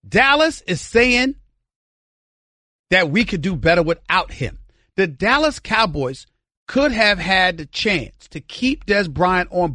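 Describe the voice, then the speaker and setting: Middle-aged guy going off on sports radio, pretty high voice, bit strained, dry studio mic. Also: a bit bright, dry recording. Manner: heated, ranting, with many repeated words. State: straining an irritated voice after vocal cord surgery. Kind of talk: opinionated sports talk monologue.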